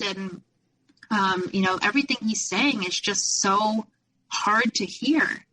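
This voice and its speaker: A woman's voice: medium pitch, unhurried, pushed and bright, far from the mic, a little hiss or hum, poor audio. A young adult woman, a podcast guest, telling a personal story in a rambling way full of fillers and restarts. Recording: voice a little off-mic.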